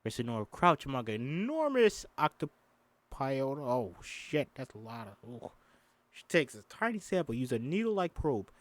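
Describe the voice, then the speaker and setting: A man's voice: medium pitch, big pitch swings, moderate pace. Chatty, swearing man reading a script. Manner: chatty and profane, stumbles over words. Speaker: host. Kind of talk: casual script read-through with commentary.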